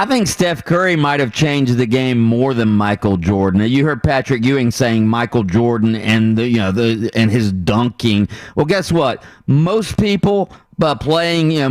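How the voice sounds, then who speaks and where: A man's voice: on the high side, no echo, studio quality. A man hosting a sports talk show, arguing his point casually and building up emphasis.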